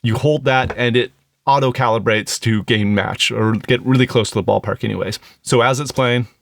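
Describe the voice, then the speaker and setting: A man's voice: mid-range voice, steady tone, normal speed, gravelly, fairly bright tone, slight background noise. A man reviewing an audio plugin in a casual, explanatory tutorial, thinking aloud as he goes. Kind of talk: casual screen-recorded tutorial.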